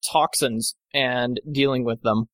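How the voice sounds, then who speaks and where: A male game master narrates a tabletop session in a rambling way, full of fillers and little corrections. His voice sits at an ordinary middle pitch. The recording is close and dry. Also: fairly even intonation, slow pace, fairly bright tone, no room sound.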